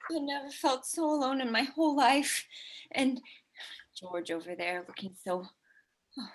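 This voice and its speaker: A woman's voice: sits high, a little slow. A woman playing a frightened young bride who pleads emotionally with her father, over a video call. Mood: pleading.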